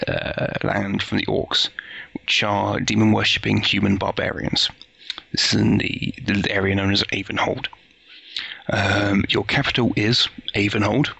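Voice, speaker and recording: A man's voice: fairly low pitch, vocal fry, bright, forceful tone, husky, no echo. A man acting as game master over a voice call, explaining the setting at length with many fillers and restarts. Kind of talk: casual tabletop game narration. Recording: lo-fi voice call audio.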